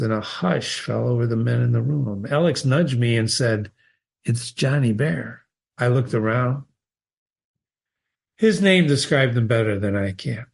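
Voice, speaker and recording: A man reads a short story aloud in an expressive way, with his pitch rising on key words. His voice sits at a middle pitch. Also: creaky. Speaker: reader.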